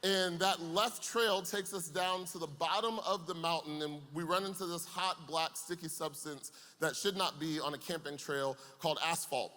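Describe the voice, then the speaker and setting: A man's voice: a little high, fairly even intonation, moderate pace, hardly any pauses, bright, forceful tone. A young man preaching to a youth camp, telling a comic story with playful asides before turning serious. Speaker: camp speaker. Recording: long hall reverb.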